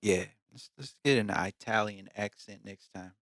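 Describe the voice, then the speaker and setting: A man co-hosts a laid-back podcast, joking and slipping into silly voices. His voice sits a little low but rings bright and forward. The sound is dry and close to the mic. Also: normal speed, no room sound. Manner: jokey, slips into put-on accents. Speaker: podcast co-host. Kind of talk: casual chat.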